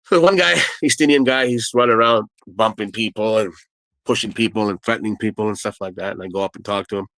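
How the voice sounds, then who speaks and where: A middle-aged man, a former nightclub doorman, casually telling a story with lively quoted dialogue and repeated phrases. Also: on the low side, quick pace, no room sound, low-quality recording.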